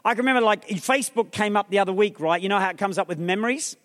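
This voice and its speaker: A male pastor preaching an energetic sermon, rousing the crowd with repeated questions and calls, mixing in humorous asides. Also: sits high, racing. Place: large theatre hall. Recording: long reverb of a large theatre.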